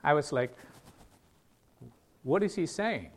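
A male preacher delivers a sermon at an unhurried pace. His voice sits a little high, and he talks earnestly, breaking into loud, emphatic calls. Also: expressive.

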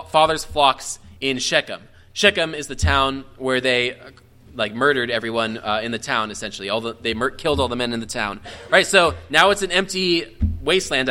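Male Bible teacher, slightly high, bright voice, chatty and explanatory, restarts often. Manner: conversational, explanatory, checks in with "right?"; frequent restarts and self-corrections. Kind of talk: verse-by-verse Bible study teaching.

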